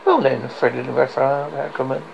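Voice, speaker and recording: A man's voice: medium pitch, fairly even intonation, moderate pace, vocal fry, dull audio, a little hiss or hum. A man voicing a scheming, cruel old nobleman in a novel reading, silky and mocking.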